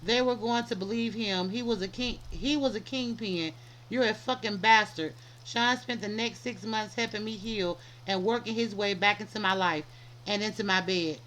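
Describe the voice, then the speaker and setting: A woman's voice: medium pitch, moderate pace, a bit bright, slight background noise, rough recording. A woman hosting a podcast, reading a book aloud and often stumbling, restarting and correcting herself.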